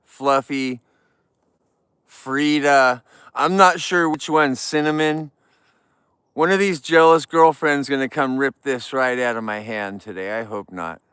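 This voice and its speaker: A man's voice: mid-range voice, measured pace, fairly bright tone, smooth, no echo. A man from California hosting a casual livestream, chatting and joking with viewers while trimming flowers. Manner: chatty, jokey, greets viewers. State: tired. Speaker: livestream host.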